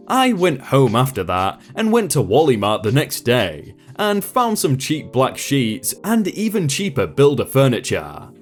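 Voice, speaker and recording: A man narrating a reddit story as a storytime channel host, in a lively, wry manner. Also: mid-range voice.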